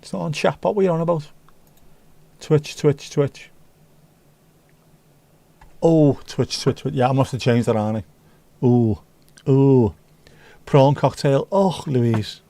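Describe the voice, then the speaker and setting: A man's voice: fairly high pitch, unhurried, vocal fry, long pauses, warm tone, no room sound. Rambling middle-aged man, casual chat. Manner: rambling, chats while reading viewer comments aloud. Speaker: livestream host.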